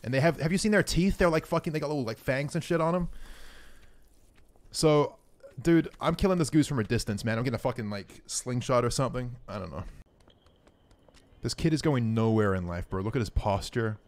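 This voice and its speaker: A man streaming a game live, giving excitable, profane running commentary and talking to his chat. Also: medium pitch, brisk.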